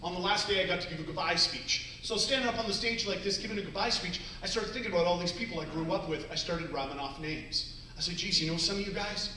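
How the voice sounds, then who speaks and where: High-voiced man joking on a stage. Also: fast talker, few pauses, pushed and bright, slight background noise. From Canada. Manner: playful, jokey, acts out little scenes. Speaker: motivational speaker. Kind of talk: humorous stage talk to students. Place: large hall, on stage. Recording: echoey hall, mic from far off.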